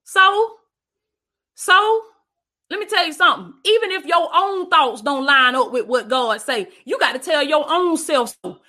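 A woman's voice: high-pitched, animated, a little slow, bright, forceful tone. A woman preacher giving an emphatic, repetitive livestream sermon, calling her listeners "baby" and thanking viewers between points.

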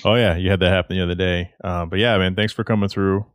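A man with a very deep voice hosting a podcast in an easygoing, chatty way. His voice sounds dry and close, with little room sound. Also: fairly even intonation, quick pace, clear, resonant tone, no room sound. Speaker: podcast host. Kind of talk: casual interview chat.

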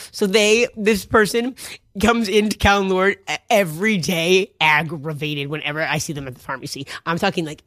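A woman's voice: on the low side, fairly bright tone, dry recording, clean studio sound. A woman co-hosting a podcast in casual chat, profane and rambling, often breaking into laughter. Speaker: co-host.

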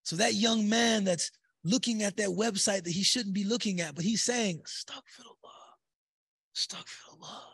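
A man's voice: high voice, normal speed, vocal fry, hardly any pauses, fairly bright tone, husky, no room sound. A man teaching a spiritual text in a conversational way, with many fillers and tag questions. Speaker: religious teacher.

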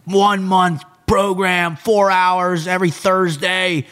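A man who is a podcast guest, telling stories in casual chat in a blunt, animated way. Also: high-pitched, takes it slowly, smooth.

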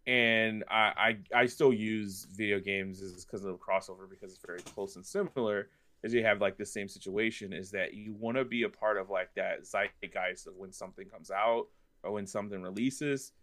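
Speaking at a moderate pace in a fairly low register, this man co-hosts a podcast. His talk is casual and meandering, full of lively anecdotes and plenty of filler words.

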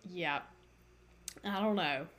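A woman's voice: fairly low pitch, slow pace. A woman hosting a podcast, telling a story in a chatty, casual way with lots of fillers. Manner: chatty, animated, many fillers and likes. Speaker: podcast host.

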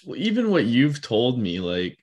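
A man's voice: medium pitch, wildly swooping pitch, moderate pace, darkish tone, husky. A man in casual chat who asks short, incredulous follow-up questions.

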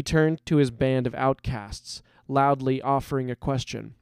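A man reading a fantasy story aloud as narrator, in a measured and dramatic way. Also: medium pitch, a little mellow, clean tone, no room sound, studio quality.

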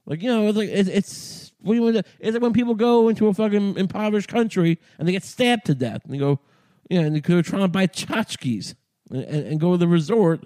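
Sitting high and sounding animated yet mellow, this New York podcaster speaks fairly quickly. His casual rant is rambling, profane and sardonic, with many restarts.

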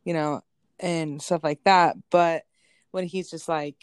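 A woman in her thirties with a low, deep voice, talking in a relaxed, chatty way. She acts out quotes as she goes, and the sound is dry and close. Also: takes it slowly, clear, resonant tone, no echo. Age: 30s. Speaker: podcast co-host. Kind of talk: casual chat.

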